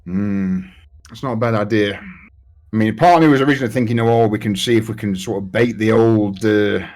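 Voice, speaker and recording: A man's voice: on the low side, a little fast, darkish tone. A man playing a tabletop role-playing game, rambling and swearing as he plans with the group. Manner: rambling, swears often, lots of fillers. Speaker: player. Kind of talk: casual tabletop play chat.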